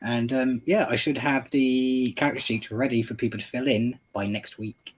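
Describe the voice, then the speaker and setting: An easygoing man at ordinary male pitch, chatting on a podcast and explaining the game he runs as game master. He talks in a plain, relaxed way. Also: moderate pace, breathy edge. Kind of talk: casual podcast chat.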